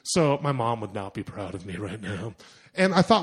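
Young guy telling a funny travel story, animated, keeps acting out what he was thinking. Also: lowish voice, moderate pace, breathy edge. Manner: animated, self-mocking, lots of fillers and acted-out inner voices. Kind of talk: personal story told to an audience.

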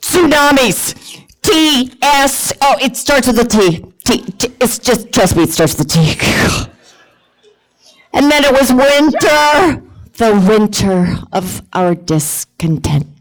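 Animated woman telling a comic story. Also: fairly high pitch, takes it slowly, rough recording. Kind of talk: personal storytelling to an audience.

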